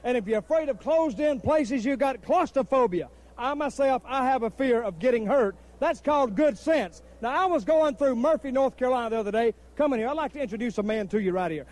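Folksy, boastful wrestler with a high voice. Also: male voice, animated, fairly quick, few pauses, a little mellow. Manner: boastful, folksy storytelling, taunting. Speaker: pro wrestler. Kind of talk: wrestling promo.

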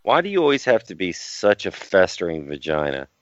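A man's voice: low-pitched, huge pitch swings, a little fast, no room sound, highs cut off. A man co-hosting a podcast, teasing and crudely ribbing his partner in casual chat. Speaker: podcast co-host.

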